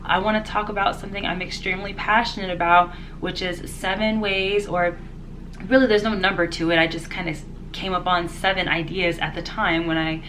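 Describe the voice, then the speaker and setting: Chatty congested woman vlogger, low-pitched. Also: fairly even intonation, fairly quick, a bit bright, a little hiss or hum. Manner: chatty, rambling, laughs often. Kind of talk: casual unedited vlog chat.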